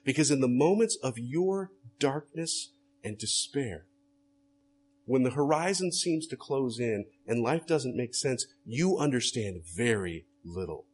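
A man's voice: mid-range voice, expressive, a little slow, a little mellow, a little hiss or hum. A man preaching a sermon as a pastor, earnest and direct, often putting rhetorical questions to his listeners.

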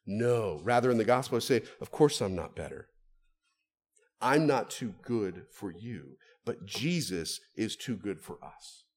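A man preaching a sermon, moving between quiet, low asides and raised, stressed phrases for emphasis. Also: animated, a little slow, husky.

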